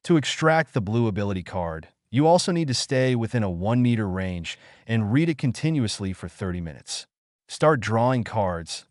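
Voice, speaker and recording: A man's voice: mid-range voice, dry recording, studio quality. A man narrating a fiction audiobook in a scripted, storytelling manner.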